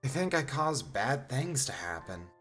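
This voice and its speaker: A man voicing a withdrawn, despairing young girl in a quiet, low voice. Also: sing-song, a little slow, soft background music.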